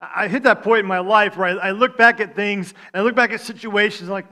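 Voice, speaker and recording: A man preaching a sermon, stammering on restarts and swinging from loud appeals to hushed lines. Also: high voice, fairly even intonation, a little fast. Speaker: pastor.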